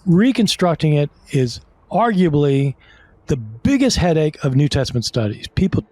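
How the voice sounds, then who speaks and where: A man's voice: on the high side, big pitch swings, normal speed, darkish tone. A man explaining as a guest scholar in an interview, conversational, with many fillers and restarts.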